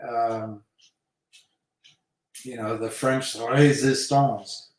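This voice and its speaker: Slow, rambling man in an echoey room. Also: mid-range voice, steady tone. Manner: rambling, hesitant, many fillers. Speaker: live stream host. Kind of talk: casual rambling talk. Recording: very echoey room, mic far off.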